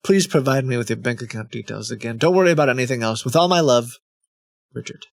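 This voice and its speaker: A man's voice: medium pitch, fast, gravelly, no room sound, close to an everyday voice. A man reading as a stiff, formal chatbot suitor. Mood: soothing.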